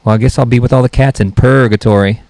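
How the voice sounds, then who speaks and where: A man's voice: medium pitch, steady tone, fast talker, a little mellow, no room sound. A man hosting a comedy podcast, rambling through off-color jokes and poking fun at himself. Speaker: podcast host.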